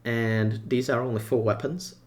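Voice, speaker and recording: Guy hyped about a game update, chatty opinions, mid pitch. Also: moderate pace. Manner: excited, talks in short bursts with opinions and asides. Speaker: gaming content creator. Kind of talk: casual game update commentary.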